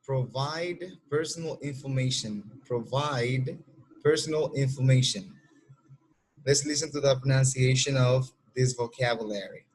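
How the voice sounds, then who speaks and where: Dominican male English teacher, slow and husky, patient, models each answer. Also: mid-range voice. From Dominican Republic. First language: Spanish. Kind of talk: classroom lesson explanation.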